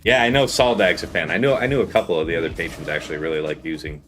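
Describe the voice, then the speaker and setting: A man's voice: deep voice, steady tone, very fast, a bit bright, soft background music. A man hosting a live gaming stream, chatting casually with guests while he plays. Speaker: streamer host.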